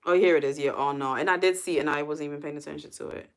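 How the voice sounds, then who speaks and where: A woman's voice: sits low, steady tone, rapid-fire, smooth. Chatty woman on a livestream. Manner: chatty, thinks aloud, answers viewer comments. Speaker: livestream host. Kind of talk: casual livestream chat.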